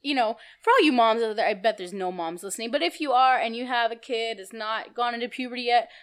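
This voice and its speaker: Young woman, podcast co-host, fairly high voice, casual, laughs a lot, swears freely. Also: fast talker, clean tone. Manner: laughs often, animated storytelling, swears casually. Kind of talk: casual chat.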